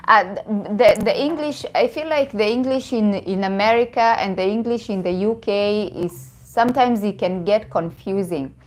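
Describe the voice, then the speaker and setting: A Kenyan woman talks casually to her viewers on a live stream. She is chatty and quick to laugh, and she often stops and restarts her sentences. Her pitch sits in a middle range for a woman. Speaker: vlogger.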